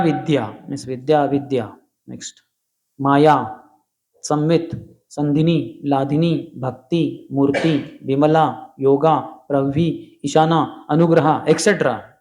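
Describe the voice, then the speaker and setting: Indian-accented middle-aged man, fairly high voice, joking scripture lecturer who explains patiently and switches into Hindi asides. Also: a little mellow. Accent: Indian English. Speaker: scripture class speaker.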